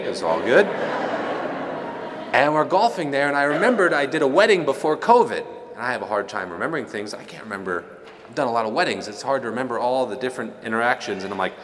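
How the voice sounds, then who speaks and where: A man preaching a homily as a priest, animated and full of humor, and he raises his voice to act out the people in his stories. His voice carries a long reverb from the church around him, with a faint wash of room ambience underneath. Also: on the low side, slight background noise. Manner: storytelling, joking and animated, quoting others in raised voices. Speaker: Catholic priest. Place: church during Mass.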